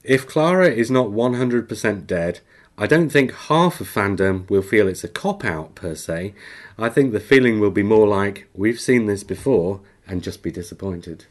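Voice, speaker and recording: A podcast host reading a listener's email aloud in casual chat, with chatty, self-mocking asides and easy laughter. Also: male voice, fairly low pitch, expressive, normal speed.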